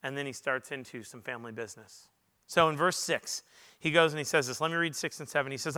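A male pastor preaching a sermon to a large congregation in a church, earnest, rising to loud emphatic peaks and dropping to quiet confessional moments. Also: mid-range voice, quick pace.

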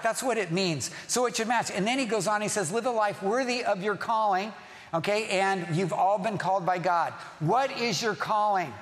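Pastor, male, high voice, emphatic sermon delivery, long hall echo. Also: moderate pace, a bit bright. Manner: emphatic, repeats key phrases, asks the congregation questions.

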